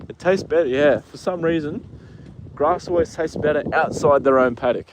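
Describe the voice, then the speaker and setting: A man's voice: a little high, normal speed, a little hiss or hum. Australian man, livestream host, easygoing, casual chat, outdoors by a paddock. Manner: easygoing, chats to his horse and reads viewer comments. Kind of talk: casual live-stream chat.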